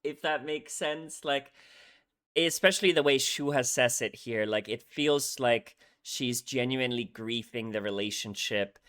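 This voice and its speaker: A man's voice: medium pitch, measured pace, a bit bright, clean tone. A young man talking through song lyrics in a casual reaction video, earnest and emotional, often checking in with "right?". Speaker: music reaction YouTuber.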